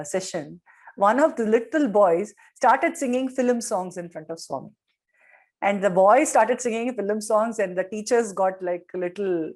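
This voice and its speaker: A middle-aged woman giving a devotional talk on parenting, gently telling stories and retelling quotes. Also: fairly low pitch.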